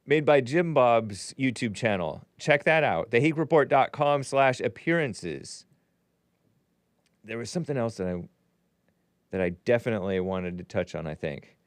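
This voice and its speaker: A chatty man hosts a live call-in show, upbeat and prone to loud shouted greetings. His voice is smooth and clear, recorded dry and close, with a slight strain. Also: mid-range voice, animated, moderate pace, no echo. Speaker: show host.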